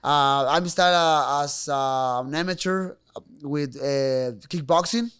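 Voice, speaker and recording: A young Mexican man with a Spanish accent talking casually as a podcast guest, speaking halting English full of fillers and restarts. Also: fairly high pitch, fairly bright tone, clean tone. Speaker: guest fighter. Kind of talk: casual interview talk.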